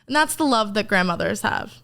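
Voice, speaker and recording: Chatty young woman, rambling and animated. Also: mid-range voice, a little fast, creaky. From New Jersey, USA. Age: young adult. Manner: rambling storyteller, frequent "like", swears casually. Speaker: podcast guest. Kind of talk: casual chat.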